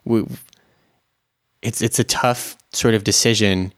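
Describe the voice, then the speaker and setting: A man's voice: fairly low pitch, steady tone, slow pace, fairly bright tone, dry recording, clean studio sound. A man playing a tabletop role-playing game, thinking aloud hesitantly with many restarts. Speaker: player.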